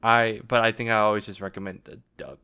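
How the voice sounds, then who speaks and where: A young adult man co-hosting a podcast in casual chat, relaxed and filler-heavy, often quoting his own reactions. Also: lowish voice, quick pace, a little hiss or hum. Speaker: podcast co-host.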